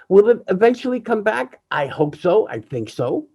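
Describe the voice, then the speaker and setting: An older man, a jazz pianist, speaking candidly over a video call in an emotional, reflective way, often halting and restarting. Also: sits high, very animated, darkish tone, breathy edge, poor audio. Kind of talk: candid personal talk.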